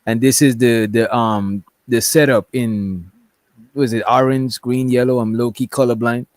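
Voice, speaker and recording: A man's voice: medium pitch, fairly even intonation, measured pace, dry recording. A man doing casual livestream commentary, reading text messages aloud in a rambling way and often checking in with "right?". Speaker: commentary streamer.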